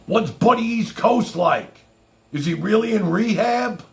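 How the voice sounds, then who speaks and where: A man chats on his own livestream in a boastful, rambling manner. He talks slowly, his high voice swinging widely with a gravelly edge. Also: expressive. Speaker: livestream host. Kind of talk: casual livestream chat.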